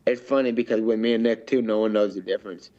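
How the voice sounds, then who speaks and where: A man's voice: fairly low pitch, steady tone, fast, dark tone, muffled recording. A man, a professional fighter, telling stories in a laid-back, amused, slangy way during an interview. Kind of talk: casual interview storytelling.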